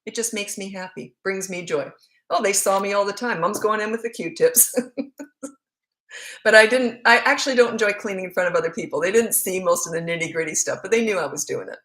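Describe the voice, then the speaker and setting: A woman's voice: mid-range voice, a little fast, fairly bright tone, echoey room. A middle-aged woman parenting coach answering questions in a casual, candid live Q&A, often laughing. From Canada. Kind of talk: casual livestream Q&A.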